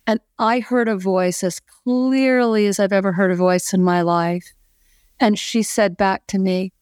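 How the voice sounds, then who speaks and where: A woman's voice: mid-range voice, a little slow, darkish tone, clean tone, no room sound, studio quality. A middle-aged woman, a podcast guest, earnestly telling a personal story with lots of "you know" fillers.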